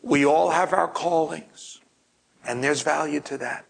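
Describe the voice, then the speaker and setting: A man preaching, telling a personal story and often dropping to a hushed, breathy near-whisper. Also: a little high, unhurried, low-quality recording. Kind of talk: storytelling sermon.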